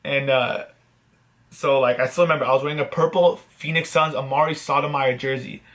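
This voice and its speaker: A man vlogging, telling a story to camera in a casual, animated, self-mocking way and swearing freely. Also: medium pitch, fairly quick. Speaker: vlogger host.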